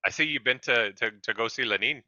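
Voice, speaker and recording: A man voicing a gruff, busy male blacksmith shopkeeper who talks in short, distracted replies. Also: mid-range voice, quick pace, sharp tone, no echo, muffled recording. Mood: curt.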